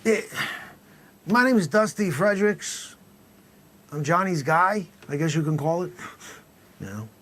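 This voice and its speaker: A man's voice: a little high, lively intonation, measured pace, pauses often, a bit bright. A man voicing a tough, middle-aged male drug dealer in an improvised comedy sketch, cocky and muttering threats. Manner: cocky, menacing, drops to mutters.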